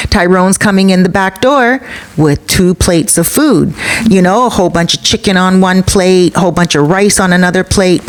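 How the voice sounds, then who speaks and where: A woman vlogger narrating a gossipy storytime in a chatty way. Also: lowish voice.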